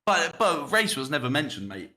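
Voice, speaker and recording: A man's voice: fairly high pitch, very animated, normal speed, sharp tone. A young man hosting a podcast, talking bluntly and casually, swearing and laughing often. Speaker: podcast host. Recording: roomy echo.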